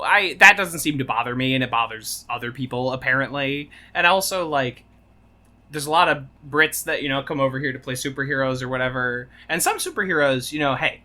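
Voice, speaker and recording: A man chatting casually on a podcast, joking and now and then jumping into goofy high voices. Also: sharp tone. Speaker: podcast co-host. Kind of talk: casual chat.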